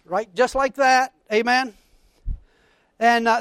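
High-pitched fervent preacher man. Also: unhurried, long pauses, a little hiss or hum. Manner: fervent, calls out to the congregation; preaches from scripture with rising excitement. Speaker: pastor. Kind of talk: sermon.

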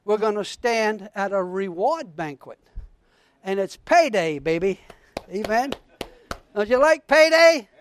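A man preaching a sermon as pastor, fervent and calling out to his congregation, reading scripture with rising excitement. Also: high voice, measured pace, long pauses, slight background noise.

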